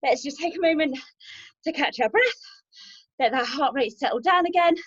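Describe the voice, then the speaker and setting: A woman's voice: high-pitched, lively intonation, moderate pace, muffled recording. A woman leading a home workout, upbeat and encouraging, out of breath as she counts reps and cheers people on. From England. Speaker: fitness instructor. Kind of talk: live workout instruction.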